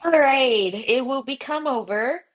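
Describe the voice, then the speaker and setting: A woman from Germany whose first language is German, an independent musician guesting on a casual interview, talking in an animated way with frequent laughter and casual swearing. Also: high voice, a little slow.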